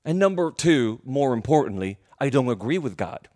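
A male preacher telling a story in a sermon, animated and emotional, often restarting his words. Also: medium pitch, moderate pace.

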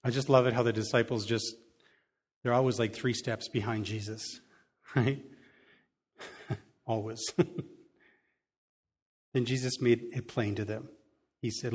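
A man's voice: medium pitch, fairly even intonation, moderate pace, pauses often, husky. A man preaching a sermon, reading a Bible passage and adding casual, chuckling asides. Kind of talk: sermon reading scripture with commentary.

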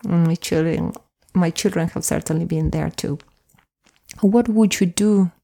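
A middle-aged woman hosting a self-help podcast, talking gently and soothingly to listeners and sometimes dropping into a whisper. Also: on the low side, a little slow, creaky. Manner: soft and soothing, drops into whispers at times. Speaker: podcast host and coach.

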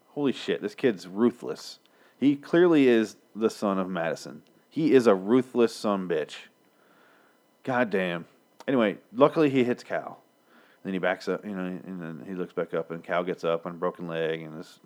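A man's voice: sits low, a little mellow. A man in his thirties giving a rambling, profane casual recap of a TV episode, slipping into characters' lines. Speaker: show recapper.

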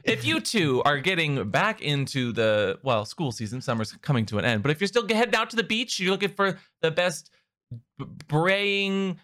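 A man's voice: fairly high pitch, very animated, a bit bright. Teasing male podcast host. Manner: teasing, quick jokes with stumbles. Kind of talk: casual podcast banter.

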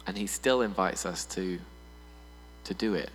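A man preaching a sermon in a church hall, animated and playful, often putting on voices for humor. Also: deep voice, measured pace. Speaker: pastor. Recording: long reverb in a hall with mains hum.

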